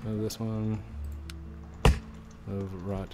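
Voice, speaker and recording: A man with a fairly low voice hosts a gaming video in casual, jokey chat, walking through each step as he plays. He laughs a lot. Music plays clearly behind him. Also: little pitch movement, very slow. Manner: jokey, laughs often, explains steps as he plays. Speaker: gaming channel host.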